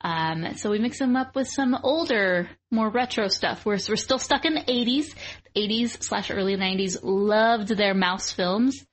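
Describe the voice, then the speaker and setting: A woman's voice: mid-range voice, unhurried. A woman co-hosting a podcast in casual chat, laughing often and talking with fillers. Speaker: podcast co-host.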